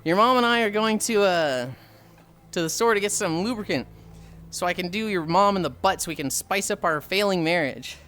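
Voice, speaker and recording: A woman putting on the voice of a blunt, deadpan suburban father, matter-of-fact. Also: mid-range voice, moderate pace, soft background music, lightly acted.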